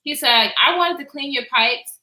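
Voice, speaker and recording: A woman's voice: high voice, normal speed, echoey room. A young woman vlogger casually telling a story time, acting out what people said and laughing often. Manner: animated, acts out quotes, reads live chat, laughs often.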